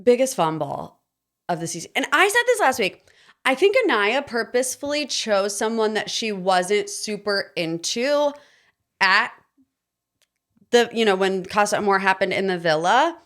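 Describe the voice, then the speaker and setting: A young woman hosting a podcast, giving an opinionated, sarcastic recap of a reality dating show in a casual, animated way. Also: medium pitch, normal speed. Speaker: podcast host.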